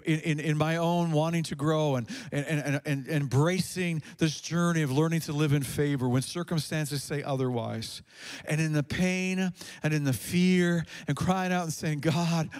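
Impassioned preacher with a higher voice. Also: male voice, a little mellow. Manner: impassioned, rising to fervent peaks; repeats phrases, restarts sentences. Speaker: pastor. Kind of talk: sermon. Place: church with a live congregation.

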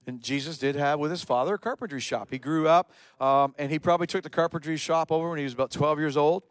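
A man preaching a sermon in church, animated, often dropping to a soft, intimate voice. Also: fairly high pitch, a little fast, few pauses, no echo. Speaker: pastor.

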